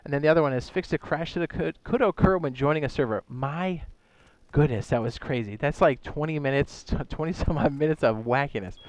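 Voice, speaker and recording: A man's voice: fairly high pitch, brisk, no echo. A man reading out game patch notes in a casual way, adding joking asides and stumbling and correcting himself as he goes. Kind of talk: casual commentary reading a list aloud.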